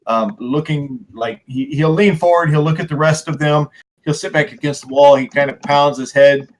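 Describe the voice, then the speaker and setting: A man running a tabletop role-playing game as game master, describing scenes in an animated way and often repeating words. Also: fairly high pitch, normal speed. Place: home streaming setup.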